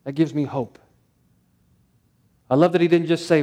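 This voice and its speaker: A man's voice: fairly high pitch, fairly even intonation, normal speed, dark tone. A male pastor preaching a sermon, stressing points through repetition and rhetorical questions.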